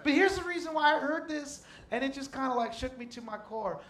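A man's voice: very high-pitched, expressive, a little fast, fairly bright tone, echoey room, a little hiss or hum. A man in his thirties, a pastor preaching a sermon in a folksy, emotional way with repeated refrains. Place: large tent with a congregation.

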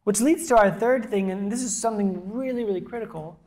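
A woman pastor preaching a sermon to a congregation in a church, conversational and emphatic, with soft, quiet asides. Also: medium pitch, fairly quick. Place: church auditorium before a congregation.

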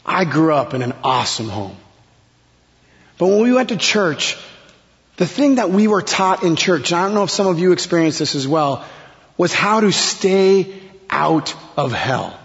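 A man preaching a sermon in a slow, dramatic way, his voice dropping to a hush at key words. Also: on the high side, big pitch swings. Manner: slow, dramatic delivery with sudden soft drops. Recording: long hall reverb, dull lo-fi sound.

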